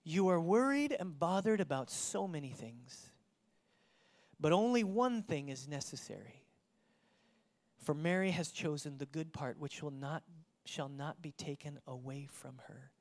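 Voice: medium pitch, expressive, a little slow. Dynamic pastor preaching to a congregation. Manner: dynamic preaching, swings between loud emphasis and hushed tones; engages the congregation with direct questions. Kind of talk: sermon. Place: church before a live congregation.

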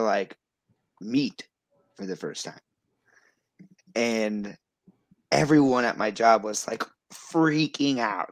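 A man's voice: medium pitch, dry recording. Guy in his 30s rambling through his story, lots of likes and restarts, super dry close sound. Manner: excitable, lots of fillers and restarts, says "dude" and "rad". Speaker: guest. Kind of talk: casual storytelling.

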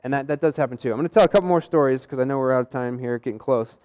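A young man delivers a sermon as a running story, chatty and easygoing. He slips into other people's voices when he quotes them. His pitch sits in a plain middle range. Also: racing, darkish tone. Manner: conversational, acts out quoted dialogue. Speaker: pastor.

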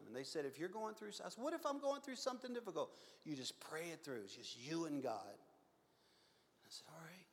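A pastor in his fifties tells a personal story during a sermon, earnest and confessional, his mid-range voice swinging between loud and hushed. Long hall reverb surrounds the recording.

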